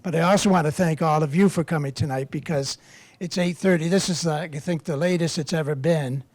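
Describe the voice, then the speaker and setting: Older man, fairly high voice, dry close sound, rambling anecdotes, self-deprecating humor, priest giving a talk. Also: fairly even intonation, a little fast, darkish tone, no room sound. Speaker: priest and campus minister. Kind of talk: storytelling talk to a live audience.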